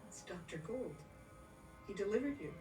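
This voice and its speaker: An actress playing an uneasy woman in a TV drama, speaking in hushed questions. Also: medium pitch, animated, normal speed, faint music behind, close to an everyday voice.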